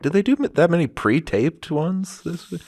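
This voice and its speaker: A man's voice: fairly high pitch, lively intonation, moderate pace, darkish tone. A man co-hosting a casual comedy podcast, laughing often and joking around. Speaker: podcast co-host.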